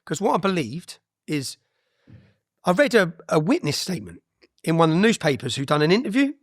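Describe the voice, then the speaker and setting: Blunt guy on a podcast, lively and a bit high, keeps tagging "yeah?" on everything. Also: brisk, no room sound, studio quality. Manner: animated storyteller, tags sentences with "yeah?"; blunt, swears freely. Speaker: interview guest. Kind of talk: podcast interview storytelling.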